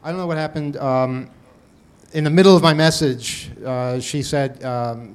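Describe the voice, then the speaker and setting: A man's voice: mid-range voice, fairly even intonation, moderate pace. Rambling, self-amused man hosting. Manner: rambling, laughs at himself, many restarts. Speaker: podcast host. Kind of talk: casual chat.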